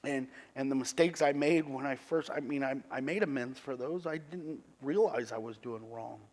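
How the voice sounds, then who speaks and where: A middle-aged man, a pastor, giving a sermon testimony in an earnest, halting way with many restarts. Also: mid-range voice, darkish tone.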